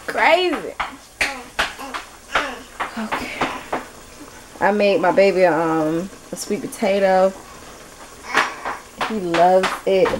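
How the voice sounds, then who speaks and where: A young woman talks her viewers through dinner in her home kitchen, unhurried and chatty, full of slangy asides. Her voice sits in an ordinary middle range. Loud sizzling from the pan runs under everything she says. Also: mid-range voice, expressive, background noise. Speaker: vlogger. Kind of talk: casual cooking vlog chat. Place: home kitchen while frying food. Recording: loud frying sizzle in the background.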